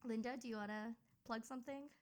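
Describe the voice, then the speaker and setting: A young woman co-hosting a podcast in casual chat, talking in quick tangents full of fillers. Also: on the high side, steady tone, a little mellow. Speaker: podcast co-host.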